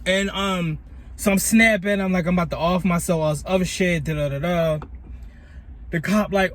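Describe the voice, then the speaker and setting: Animated, cursing young man telling a story. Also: sits high, moderate pace. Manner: animated, profane, swings between loud and muttered. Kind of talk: casual storytime monologue. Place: at his workplace on a break.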